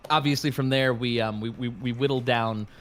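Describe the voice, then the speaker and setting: A man's voice: medium pitch, fairly even intonation, a bit bright. A man guest, a voice actor, chatting casually over a voice call, a little congested and full of fillers and laughs. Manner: easygoing, laughs often, halting fillers. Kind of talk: casual stream chat. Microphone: remote, heard over a voice call.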